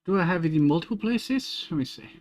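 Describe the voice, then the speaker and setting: A man streaming game development, thinking aloud in a casual, halting way as he works through code. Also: a little high, lively intonation. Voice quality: muttering to himself, halting restarts.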